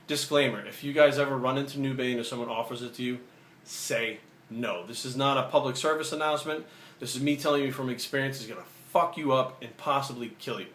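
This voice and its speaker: Male vlogger, brash storyteller, mid pitch, echoey room. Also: brisk. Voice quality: profane, animated, acts out the dialogue. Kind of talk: casual storytelling. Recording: roomy echo, faint ambient noise.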